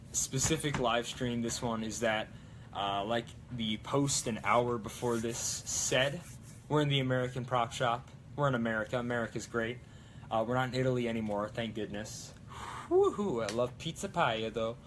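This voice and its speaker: Young guy chatting on his prop live stream, rambly, medium pitch. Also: noisy background. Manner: rambling, lots of fillers and restarts. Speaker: live stream host building props. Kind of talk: casual live stream chat.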